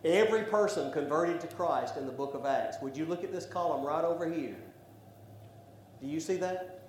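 A man preaching a sermon, building to loud emphatic declarations. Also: a little high, moderate pace. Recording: echoey room with faint background noise.

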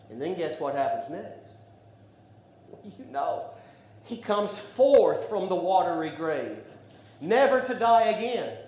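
A man preaching a sermon, building to loud emphatic declarations. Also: a little high. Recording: echoey room with faint background noise.

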